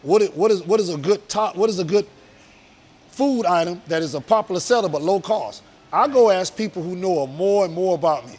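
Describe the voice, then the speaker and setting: High-voiced man, earnest and emphatic. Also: expressive, a little fast, a little mellow. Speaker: business owner guest. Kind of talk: casual interview talk.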